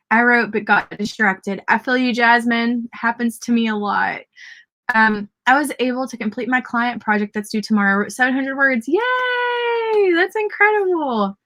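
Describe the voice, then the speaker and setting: A woman's voice: fairly high pitch, sharp tone. A woman with a Southern accent hosting a casual livestream writing sprint and cheering on viewers' word counts. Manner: chatty, cheers readers' comments. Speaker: livestream host.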